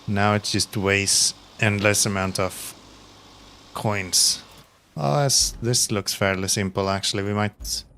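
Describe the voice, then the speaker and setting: A man's voice: on the low side, slow, a little hiss or hum. A man streaming a construction game, chatting casually and muttering to himself as he plays. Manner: relaxed, mutters to himself while playing. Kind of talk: casual gameplay commentary.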